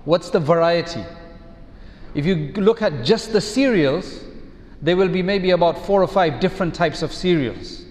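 A man giving a measured, reflective sermon as an Islamic preacher, using rhetorical questions. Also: sits high, a little mellow, big-room sound.

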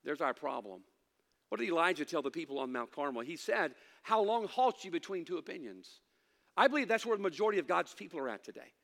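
A middle-aged man preaching a sermon as pastor, swinging from loud emphatic lines to hushed asides, with folksy humor. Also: on the high side, sing-song, fast, creaky. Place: church sanctuary. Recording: long hall reverb.

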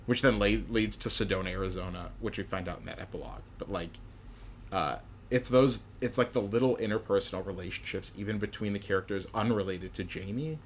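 Young guy rambling about a movie, lowish voice, lots of "like", bit of hiss. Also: fairly quick. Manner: rambling, many "like" fillers, acts out quotes. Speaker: podcast co-host discussing a film. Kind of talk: casual chat.

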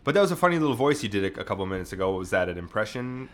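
A man co-hosting a comedy podcast, telling an absurd made-up story in a deadpan, conversational way. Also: lowish voice, rapid-fire. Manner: deadpan, tells tall tales with put-on quotes. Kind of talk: improvised comedic banter.

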